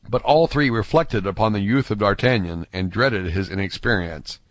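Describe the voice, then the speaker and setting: A man reading an audiobook aloud in a steady, measured way. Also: fairly low pitch, no echo. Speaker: audiobook narrator. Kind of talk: scripted narration.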